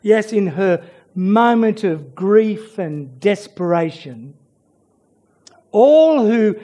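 A male preacher giving a sermon, expressive, with dramatic pauses and frequent restarts. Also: high voice.

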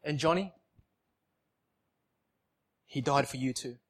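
A man quietly quoting the gentle, loving voice of God in a soft, hushed tone. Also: medium pitch, takes it slowly, pitched below the performer's own voice. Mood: tender.

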